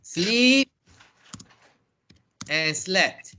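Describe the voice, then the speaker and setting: A man's voice: high-pitched, animated, very slow, sharp tone. Patient Malaysian man teaching English online. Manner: patient, explains step by step. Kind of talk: online class Q&A. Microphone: video call.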